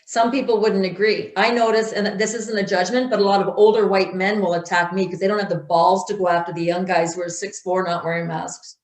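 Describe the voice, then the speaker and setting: A woman's voice: medium pitch, steady tone, fairly quick, few pauses. Outspoken woman telling stories in an interview, punchy delivery, bit of room echo. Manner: blunt, emphatic storytelling with acted-out quotes. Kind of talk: conversational interview.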